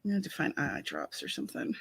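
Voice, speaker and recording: A woman's voice: fairly quick, a bit bright, no room sound. A woman hosting a casual writing livestream, chatting with viewers and greeting them by name while complaining about a watering eye. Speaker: author and livestream host. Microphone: headphones with mic.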